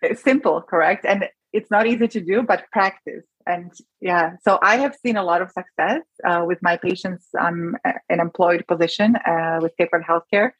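A woman's voice: fairly low pitch, moderate pace, few pauses, husky, dry recording, lo-fi sound. A woman, a doctor guest in an interview, talking earnestly and with feeling, often restarting her sentences. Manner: earnest, emotional, many restarts. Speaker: rheumatologist guest. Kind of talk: conversational interview.

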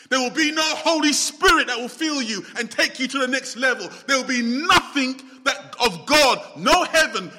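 A man preaching a sermon, dramatic, swinging between loud exclamations and hushed low asides. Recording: long hall reverb.

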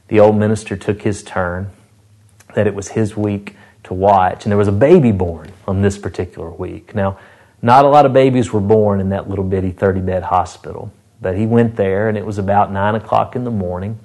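A man's voice: on the low side, a little mellow. A man preaching a sermon, telling a folksy story with frequent restarts and repeated words. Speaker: pastor.

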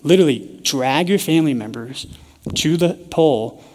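A young man preaching a sermon in a casual, joking storytelling way with lively asides. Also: a little high, normal speed. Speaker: pastor teaching a sermon series. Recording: echoey church hall.

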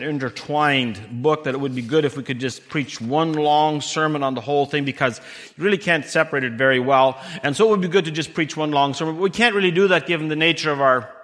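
In a church, a male pastor preaches conversationally, asking the congregation rhetorical questions and acting out little scenes with dialogue. His voice is fairly high with a fairly bright tone. The church hall gives the recording a long reverb.

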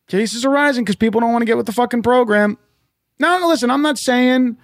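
Man, high voice, dry close sound; sarcastic, profane solo rant. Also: dry recording. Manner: repeats himself, asks rhetorical questions. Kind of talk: ranting monologue.

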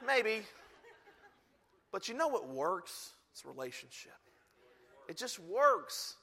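A man preaching a sermon as a pastor, telling stories and acting out the people in them with lively energy. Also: high-pitched, takes it slowly. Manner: animated storytelling, acting out quoted lines.

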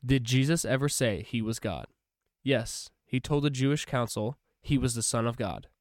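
A young man reads a Bible passage aloud in an average-pitched voice, then breaks off to chat about it in a loose, casual way. He fills pauses with fillers and corrects himself as he goes. The recording is dry and close, with no room sound. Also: dry recording. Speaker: podcast host. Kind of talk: casual Bible reading and commentary.

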